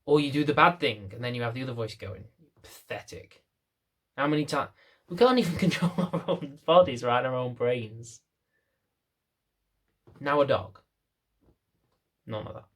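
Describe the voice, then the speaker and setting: Man, dog trainer, casual talk to camera, fillers and restarts, seated indoors. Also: mid-range voice.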